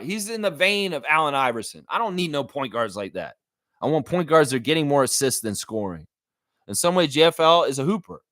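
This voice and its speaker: A man hosting a casual sports livestream, reading chat and breaking into animated, profane rants. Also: fairly high pitch, a little fast, no echo, studio quality. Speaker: livestream host.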